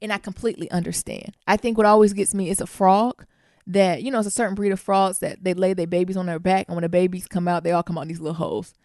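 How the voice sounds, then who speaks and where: Profane, animated woman podcast co-host. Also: lowish voice, fast, dry recording, studio quality. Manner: animated, profane storytelling with acted-out quotes. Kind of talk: casual chat.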